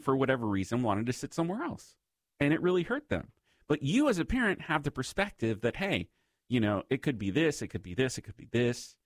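A man's voice: mid-range voice, dry recording. A man hosting a faith-based radio talk segment, speaking to listeners in a conversational, reflective way. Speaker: radio host.

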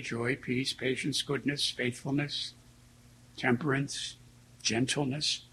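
Higher-voiced priest, earnest and reflective. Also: male voice, pushed and bright, slight background noise, low-quality recording. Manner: earnest, reflective storytelling with slow pauses. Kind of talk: sermon.

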